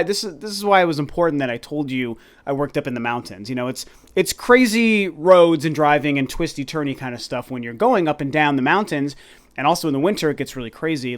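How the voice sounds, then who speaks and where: A man in his thirties, a gaming YouTuber, telling a long rambling story to his viewers in a casual, animated way. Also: fairly high pitch, clean tone. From Colorado, USA. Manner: animated, rambling, addresses viewers as "you guys".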